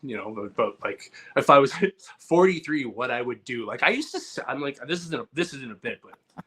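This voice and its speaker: A man co-hosting a comedy podcast, telling a story in a casual, animated way and acting out loud outbursts. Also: medium pitch, moderate pace, breathy edge. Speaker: podcast co-host.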